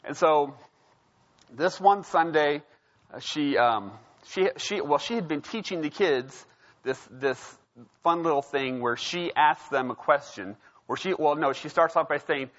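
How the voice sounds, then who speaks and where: A man with a slightly high, fairly bright voice preaches a sermon as a pastor, taking his time. He keeps it casual and conversational, telling a story and frequently checking in with the crowd with a "right?". The recording sounds dull and lo-fi.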